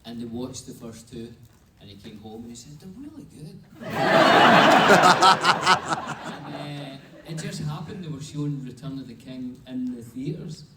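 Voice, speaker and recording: A man's voice: medium pitch, unhurried, very noisy. A middle-aged man on a film cast panel telling an easygoing, chuckling anecdote. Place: large convention hall. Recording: echoey hall, distant mic.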